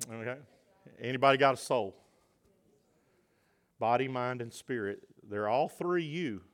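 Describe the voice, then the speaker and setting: A man preaching a sermon as pastor in a church, swinging between shouted passages and hushed, quiet asides. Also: on the high side. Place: church sanctuary.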